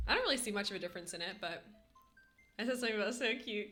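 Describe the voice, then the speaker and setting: A woman's voice: medium pitch, animated, rapid-fire, fairly bright tone, soft background music. A Canadian woman streaming a game, chatting casually with her chat, giggly and full of "like" fillers. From western Canada. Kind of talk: casual live-stream chat while gaming.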